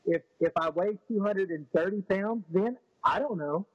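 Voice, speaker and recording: A fairly high, husky male voice tells a story in a casual, rambling way, often restarting his sentences. When he quotes others he gets animated. The sound is dry and a little dull, as if recorded on a lo-fi setup. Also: moderate pace, dry recording. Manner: rambling, with frequent restarts and fillers. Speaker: interview guest.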